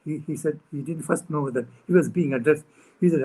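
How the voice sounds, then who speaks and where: Husky man telling a story. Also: a little high, a little fast, rough recording. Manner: animated anecdote telling with chuckles and acted-out dialogue. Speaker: guest speaker. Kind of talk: storytelling talk. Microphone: video call.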